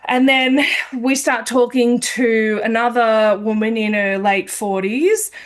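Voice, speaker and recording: A woman hosting a podcast tells a personal story at an unhurried pace. Her voice sits a little high, and she talks in a candid, meandering way. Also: steady tone. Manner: candid, meandering anecdote-telling. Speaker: podcast host.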